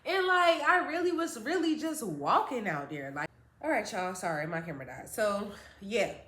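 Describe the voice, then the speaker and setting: A young woman vlogger telling a casual storytime, animated and lively, slipping into voices as she quotes people. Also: mid-range voice, normal speed. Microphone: phone or tablet camera. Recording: echoey room.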